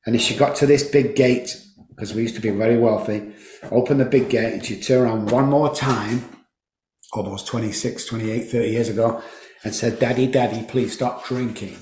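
A man's voice: mid-range voice, fairly even intonation, moderate pace, a little mellow, slight background noise. A man, a guest telling an emotional recovery story with fervent, repetitive emphasis. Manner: emphatic, fervent, repeats phrases for force. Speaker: podcast guest, addiction recovery program founder. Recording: roomy echo.

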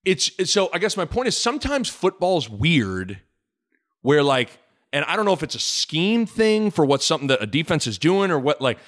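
A man's voice: a little high, normal speed. Guy hosting a sports talk podcast, voice jumps all over, joking and rambling. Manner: animated, joking, rambling asides. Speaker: podcast host.

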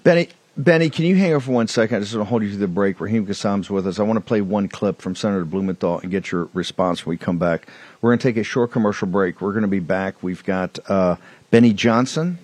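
A male talk show host with a lowish voice jumps in to steer the conversation, often restarting his sentences. The sound is close and dry, with no room around it. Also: darkish tone, no echo. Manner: quick, interrupting, stumbling restarts. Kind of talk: live broadcast hosting.

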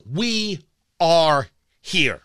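A man's voice: on the high side, very animated, very slow, a bit bright, clear, resonant tone, dry recording. A man hosting a political talk show, ranting in a combative, scornful opinion monologue.

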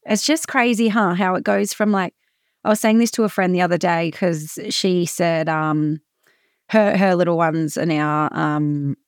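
A woman's voice: on the low side, dry recording, studio quality. A woman co-hosting a parenting podcast in a casual, chatty way with lots of fillers. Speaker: podcast co-host; mother of school-age kids. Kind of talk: casual chat.

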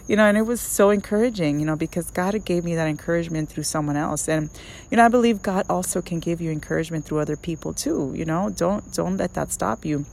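A woman's voice: lowish voice, animated, fairly quick, creaky, darkish tone. A woman hosting a faith podcast, talking earnestly to her listeners in a chatty way, with many fillers and restarts. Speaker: podcast host. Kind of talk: faith devotional talk.

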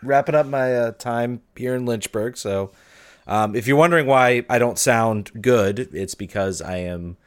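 A man co-hosting a sports podcast in casual chat, excitable and full of stumbling restarts, talking into his phone on a video call. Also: mid-range voice, measured pace, clear, resonant tone. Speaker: podcast co-host.

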